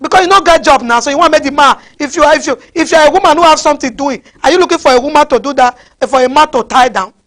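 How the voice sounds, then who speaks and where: A woman's voice: high voice, very fast, few pauses, fairly bright tone. A woman with a Nigerian accent preaching a fiery sermon, scolding her listeners with repeated rhetorical questions.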